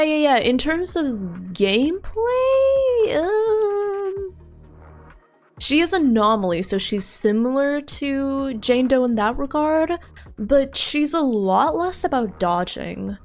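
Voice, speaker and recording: A woman streaming a video game, chatting casually and laughing often, with a grounded voice that she keeps from sounding breathy. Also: sits high, animated, soft background music. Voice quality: grounded, deliberately not breathy. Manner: giggly, chatty reactions to the game. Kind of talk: casual let's-play chat.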